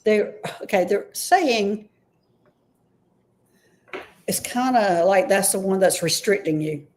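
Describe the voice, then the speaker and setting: A woman's voice: mid-range voice, lively intonation, slow pace, a little mellow. Woman, intuitive reader, live stream, tentative, hesitant, unsure of herself. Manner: tentative, often unsure of her messages. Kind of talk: live-streamed psychic reading.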